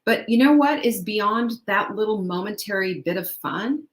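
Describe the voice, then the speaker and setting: A woman's voice: mid-range voice, lively intonation, moderate pace. Middle-aged female host, upbeat motivational chat, rhetorical questions, roomy echo. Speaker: podcast host. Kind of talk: motivational talk.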